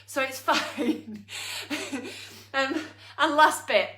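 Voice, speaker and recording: A woman's voice: high voice, drawn-out words, pushed and bright. A woman fitness instructor coaching a live online exercise class, upbeat and self-mocking as she counts down, and out of breath while she works out with the class. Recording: roomy echo, from a distance.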